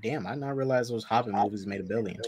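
A man's voice: fairly low pitch, fast, darkish tone, a little hiss or hum. Laid-back blunt man chatting. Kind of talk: casual podcast chat.

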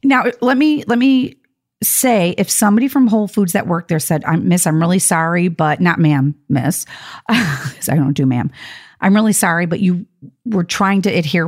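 A woman's voice: on the low side, a little fast. A woman hosting a talk show, telling an indignant story in a casual chat, acting out the dialogue. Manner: animated, indignant storytelling with laughs and acted-out dialogue.

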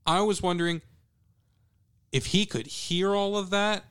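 A man co-hosting a casual film chat, curious and animated as he tells what he noticed. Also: high voice, unhurried, smooth. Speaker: podcast co-host.

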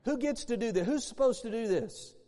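A man's voice: extremely high pitch, lively intonation, a little fast, mellow. A man preaching a sermon in a church, emphatic and repetitive, acting out bursts of laughter. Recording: long hall reverb in a church.

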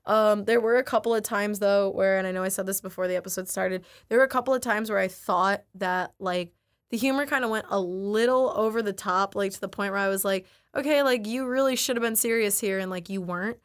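A woman's voice: mid-range voice, a little fast. A young adult woman chatting casually as a podcast co-host, peppering her talk with "like" and retelling scenes with animation. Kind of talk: casual chat.

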